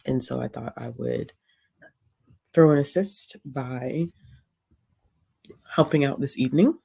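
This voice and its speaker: A woman's voice: rumbling low, slow, creaky, warm tone, slightly rough. A woman hosting a casual reading livestream from home, chatting easily with frequent ums and laughter. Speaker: livestream host. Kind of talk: casual chat.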